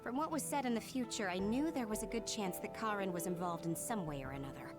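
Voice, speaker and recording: An actress voicing a calm, reasonable young woman in a video game, speaking in a measured, reassuring way. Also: medium pitch, over loud music, close to an everyday voice. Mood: reasoning.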